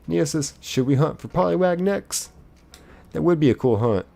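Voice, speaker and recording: A man's voice: a little high, lively intonation, normal speed, vocal fry, dark tone. A man streaming live, casually reading viewers' chat messages aloud in a chipper lilt and chatting back.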